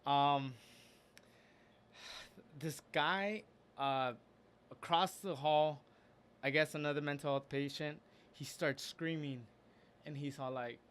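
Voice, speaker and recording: A man's voice: fairly high pitch, fairly even intonation, fairly bright tone, a little hiss or hum. A man casually telling a story about something he went through, earnest and open, often stopping to restart his sentences. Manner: halting, with frequent restarts and fillers. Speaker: storyteller recounting a personal experience.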